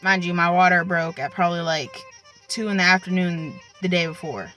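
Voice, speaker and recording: A woman's voice: fairly low pitch, normal speed, sharp tone, faint music behind, rough recording. A young woman casually telling a personal story, chatty and full of likes and ums. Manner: chatty, filler-heavy, with many likes and ums. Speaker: vlogger.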